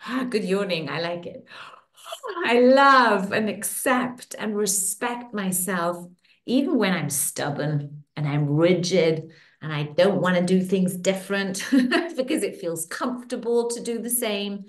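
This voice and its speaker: A middle-aged woman guiding a women's circle through tapping points and affirmations, in a slow and soothing way with a lot of repetition. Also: mid-range voice. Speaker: facilitator leading a women's circle. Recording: echoey room.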